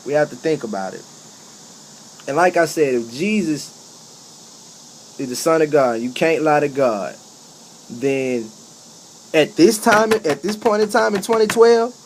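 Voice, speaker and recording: Preachy man with high, emphatic voice. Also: a little hiss or hum. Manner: preachy and repetitive, with emphatic rising outbursts. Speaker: street preacher giving a talk. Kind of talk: impassioned spoken monologue.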